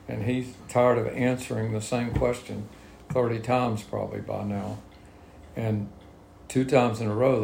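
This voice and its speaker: A man leads a Bible study, reading scripture and then unpacking it in everyday words. His voice sits low with a gravelly edge. The room around him echoes, with a faint hum behind. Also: a little mellow. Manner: reads scripture then explains it in plain talk.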